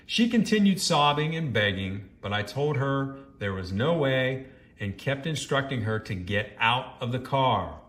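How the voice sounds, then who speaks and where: A man's voice: mid-range voice, big pitch swings, unhurried, a bit bright, roomy sound. A man reading a first-person story aloud and breaking off into judgmental, scolding commentary.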